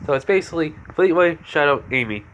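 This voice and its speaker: A man's voice: a little high, lively intonation, quick pace, muffled recording. A young man casually telling a fan story off the cuff, rambling with lots of fillers and self-corrections. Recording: faint background noise.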